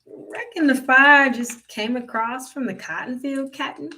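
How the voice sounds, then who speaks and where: Sly old farmhand voiced by a narrator, drawling, sheepish, slow delivery. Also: high-pitched, fairly even intonation, pushed and bright, far from the mic, pitched above the performer's own voice, heavily acted. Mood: deadpan. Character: sly old male farmhand, calm and mocking.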